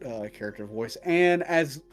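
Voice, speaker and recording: A man's voice: mid-range voice, lively intonation, normal speed, faint music behind. A man acting as dungeon master, casually answering viewer questions with jokes and swearing. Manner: casual and profane, joking. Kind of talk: casual chat.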